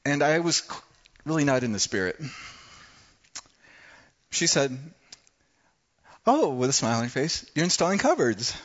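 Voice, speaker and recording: A man preaching a sermon, telling a personal story in a conversational way with dramatic pauses. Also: medium pitch, animated, a bit bright, muffled recording. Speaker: pastor.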